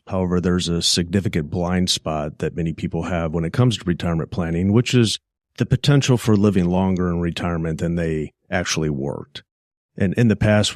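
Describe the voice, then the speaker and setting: A man with a deep, low voice delivers a scripted podcast monologue in a measured, plainspoken way. The sound is dry and close, with no room around it. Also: a little mellow, no echo. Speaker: podcast host, financial advisor.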